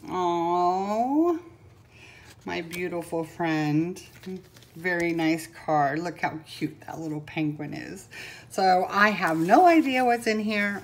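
An older woman opens a gift on camera in a casual home vlog, speaking slowly and tenderly. Her voice sits a bit low, and she gushes with feeling, trailing into pauses and fillers. A faint hum of room noise sits underneath. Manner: gushing and sentimental, with many pauses and fillers. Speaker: vlogger. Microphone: camera mic.

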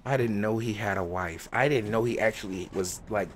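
A man's voice: fairly low pitch, fairly quick, a little hiss or hum. A man hosting a let's play, rambling and thinking aloud as he reacts emotionally to the story. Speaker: gaming host.

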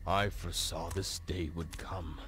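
A grave old ninja master. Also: male voice, sits low, fairly even intonation, background noise. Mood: solemn. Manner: solemn, measured. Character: aged male ninja clan master, grave.

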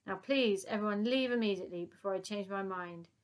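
A woman reading aloud, voicing an elderly queen who is weary but kind, in a measured, softly regal manner. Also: mid-range voice, close to an everyday voice.

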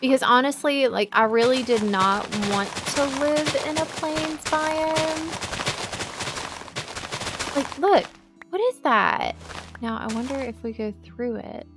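A woman's voice: high voice, a little slow, hardly any pauses. A young woman, hosting a casual gameplay let's play, chatty and easily distracted, exclaiming often. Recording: light background music.

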